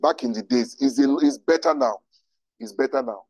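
A man, a pastor teaching to a live audience with animated rhetorical questions. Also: mid-range voice, moderate pace, dry recording, rough recording. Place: room with an audience.

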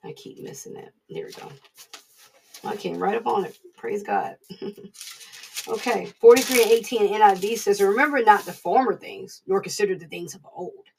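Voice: medium pitch, sing-song, normal speed, creaky, a little mellow, distant mic, a little hiss or hum. A preacher giving a casual devotional talk, conversational and repeating points for emphasis.

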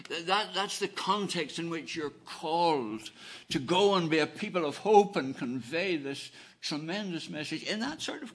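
A man preaching a sermon, earnest and emphatic, repeating phrases and swinging between soft and loud delivery. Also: a little high.

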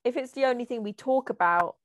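A young woman co-hosting a podcast over a call, talking fast and freely with a self-deprecating edge. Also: on the high side, no echo. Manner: fast, chatty, self-deprecating, laughs often. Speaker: podcast co-host. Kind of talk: casual chat. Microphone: remote call.

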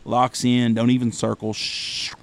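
Gravelly man telling a cussing story. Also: mid-range voice, unhurried. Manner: profane, animated anecdote-telling. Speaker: podcast host. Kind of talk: casual storytelling.

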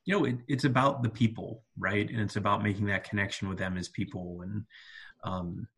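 Brief: male podcast co-host, soccer coach, low husky voice, earnest and reflective, lots of ums. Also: steady tone, brisk, fairly bright tone. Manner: earnest, reflective, many fillers and restarts. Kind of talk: casual podcast chat.

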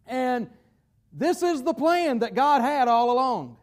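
A male pastor preaching a sermon in a folksy, emphatic way, slowing down to stress key phrases. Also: very high voice, sing-song.

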